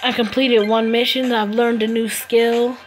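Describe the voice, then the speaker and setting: A woman's voice: a little high, little pitch movement, a little slow, slight background noise. A woman giving casual commentary while playing a phone game, teasing her opponents playfully. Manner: playful trash-talk, laughs at opponents. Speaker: mobile game player. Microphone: phone screen recorder.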